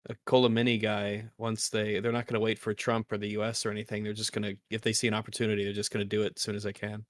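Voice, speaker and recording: A man's voice: fairly low pitch, monotone, fast, dry recording. Rambling man on a dry mic. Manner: rambling, full of "like" and restarts. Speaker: co-host, tabletop player. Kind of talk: casual livestream chat.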